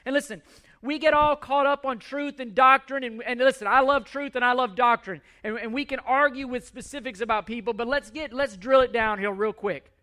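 A man's voice: extremely high pitch, a little fast, sharp tone. A middle-aged man preaching a sermon, earnest and pleading, often repeating words as he restarts. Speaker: pastor.

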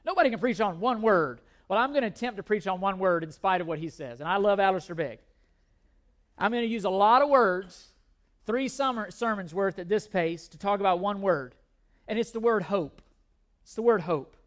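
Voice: mid-range voice, moderate pace. Brief: pastor in mid-sermon, emphatic, hammers key words, jokes at own expense. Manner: self-deprecating humor.

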